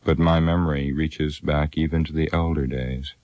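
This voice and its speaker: A man reads an ancient elf lord full of old sorrow and wisdom. The voice sits extremely low and speaks gravely and solemnly, close and dry with no room sound. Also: steady tone, moderate pace, darkish tone, no echo.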